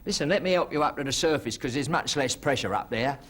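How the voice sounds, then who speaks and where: A man's voice: medium pitch, lively intonation, fast talker, fairly bright tone, a little hiss or hum, pitched above the performer's own voice, lightly acted. A man voicing a chatty male whale with a Cockney accent, telling a joke on a TV talk show. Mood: fussing.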